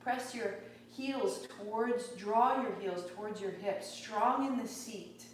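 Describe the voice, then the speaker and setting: A woman teaching a live yoga class, calmly cueing breath and movement in a steady rhythm. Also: mid-range voice, slow pace. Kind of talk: guided yoga class instruction. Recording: very echoey, distant, faint room noise.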